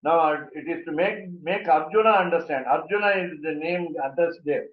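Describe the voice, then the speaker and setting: A man explains Sanskrit grammar to a class, pausing often on "uh" and repeating himself. His voice sits a little high for a man. The recording is roomy and muffled, with a dull, lo-fi tone. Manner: halting, many "uh" fillers and repeats. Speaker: teacher of scripture.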